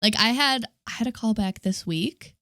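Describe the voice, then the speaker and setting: A woman who works as an actor, a guest in a casual podcast chat, talking in a relaxed way with lots of "like". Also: on the high side, normal speed, dry recording, clean studio sound. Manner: casual, heavy use of "like". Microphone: studio microphone, close.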